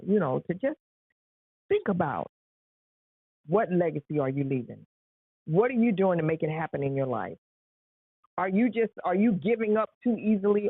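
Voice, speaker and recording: A woman's voice: on the low side, breathy edge. A woman hosting a live stream, giving an earnest motivational talk and repeating rhetorical questions. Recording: tinny phone-like sound.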